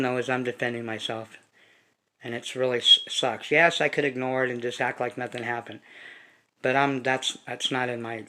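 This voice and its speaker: A man's voice: mid-range voice, pushed and bright. A man vlogging casually to his viewers in a rambling, profane, emphatic way. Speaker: hobby vlogger. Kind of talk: casual chat to camera.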